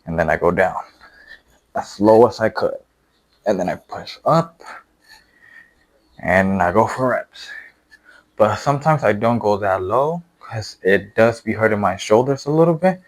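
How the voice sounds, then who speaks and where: A man's voice: on the low side, no echo. Breathless young man demonstrating push-ups. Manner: explains step by step with many fillers and restarts. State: out of breath from exercising. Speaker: fitness vlogger. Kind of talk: casual workout demonstration.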